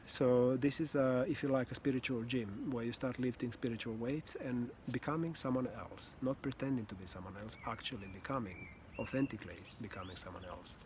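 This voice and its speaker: Man, voice coach, calm and earnest, unhurried reflective delivery, faint hiss behind. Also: medium pitch. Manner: calm, earnest, slow with pauses, occasional sighs and soft laughs. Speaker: communication and voice coach. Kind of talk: reflective teaching talk.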